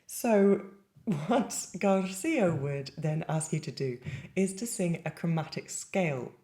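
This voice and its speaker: Woman singing teacher, low voice, chatty and playful, instrument in the background. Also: animated, slow pace, background noise. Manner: chatty and lightly playful, breaks into sung quacks. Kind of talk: vocal lesson with sung demonstrations.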